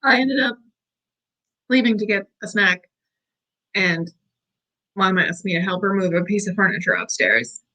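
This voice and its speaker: A woman hosting a work-along stream from her desk at home, chatting casually and cheerfully to viewers with little squeals of excitement. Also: medium pitch, unhurried, pauses often, poor audio.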